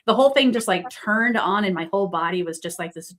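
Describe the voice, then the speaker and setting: A woman, a psychic medium guest, telling a personal story in a rambling, casual way, full of fillers, excited and buzzing. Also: medium pitch, fast.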